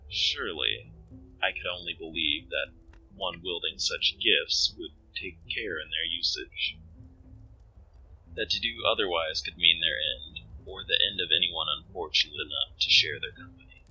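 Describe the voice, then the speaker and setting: Icy suspicious young woman from a visual novel, guy reading her, formal and probing, bright tone. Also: sits low, unhurried, creaky, muffled recording, soft background music, exaggerated voice. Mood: cold, probing. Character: cold suspicious young woman, sharp-tongued.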